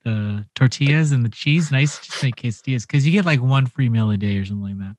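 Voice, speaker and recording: A young man on a podcast, telling a story in a lively, animated way, swearing and acting out the quotes. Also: medium pitch, fast talker, no room sound. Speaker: podcast co-host. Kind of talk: casual podcast chat.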